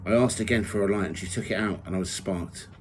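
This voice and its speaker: A man reading from his own memoir in the first person, measured and steady. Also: low voice, a little hiss or hum, rough recording. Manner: measured reading, rising loud for quoted shouts.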